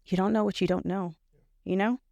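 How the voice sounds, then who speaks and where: A young woman telling a personal story as a podcast guest, halting, with many fillers and restarts. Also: mid-range voice, fairly even intonation, creaky, mellow, no echo, highs cut off. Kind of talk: personal testimony in conversation.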